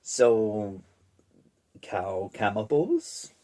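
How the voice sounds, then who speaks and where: A man giving a comedic summary of a horror book, deadpan and in deliberately broken caveman-style English. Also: fairly low pitch, a little hiss or hum.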